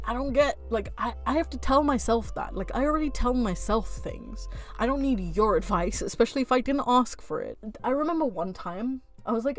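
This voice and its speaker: A woman vlogger talking to camera in a frank, heated rant, swearing freely and laughing at herself. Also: mid-range voice. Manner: blunt, swearing, frank rants; heated, animated. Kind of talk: casual chat to camera.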